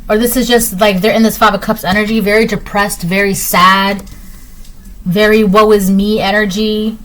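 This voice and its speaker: Lady doing a casual tarot reading from home, middle pitch, chatty and repetitive, lots of um and like. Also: flat delivery, normal speed, fairly bright tone, poor audio. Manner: repetitive, emphatic, conversational with many fillers. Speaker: tarot reader.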